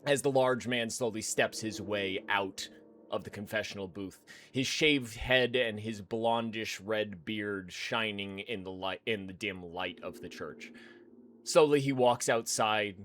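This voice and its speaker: A man's voice: on the low side, measured pace, fairly bright tone, a little hiss or hum. A man narrating as game master of a tabletop game, with vivid, dramatic narration.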